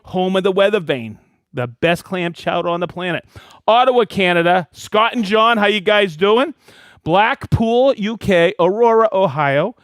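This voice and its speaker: A man hosting a weekly live stream, reading out viewers' names and hometowns with excitement. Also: high voice, a little slow, no room sound, studio quality. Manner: lively, reads viewer names and places with excitement. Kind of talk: live stream shout-outs.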